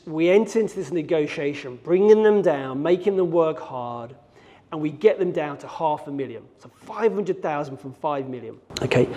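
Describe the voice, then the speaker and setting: A middle-aged man from Birmingham, England, a hostage negotiator, delivers a keynote on stage with a warm, fairly high-pitched voice. He tells a dramatic story, acting out the scenes and his own thoughts, and a large hall's long reverb fills the recording.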